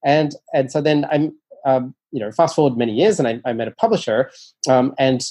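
A man's voice: mid-range voice, brisk, breathy edge. A man being interviewed about his writing, telling stories casually and animatedly, with lots of fillers and playful quoted dialogue. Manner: animated, often acts out quoted dialogue in a raised voice; chatty, many fillers and restarts. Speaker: interview guest, nonfiction author. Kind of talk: casual conversational storytelling.

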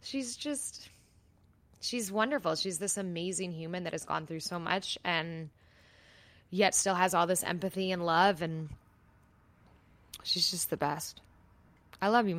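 A young woman co-hosting a podcast, talking casually and warmly about family with many fillers. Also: lowish voice, moderate pace, pauses often, no echo. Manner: chatty, lots of fillers like "like". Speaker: podcast co-host. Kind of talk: casual chat.

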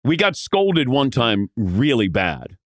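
A man's voice: mid-range voice, slow pace, no room sound. Guy telling stories on a podcast, voice jumps all over, acts out quotes, dry sound. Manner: lively storyteller who acts out quotes. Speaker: guest broadcaster. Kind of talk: animated anecdote telling.

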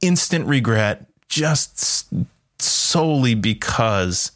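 A man in his thirties chatting casually as a podcast co-host. He tells a family anecdote in an animated way and jumps his voice up to act out what people said. His pitch sits in the middle range. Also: slow. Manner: animated, acts out quotes with a raised voice. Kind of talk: casual storytelling chat.

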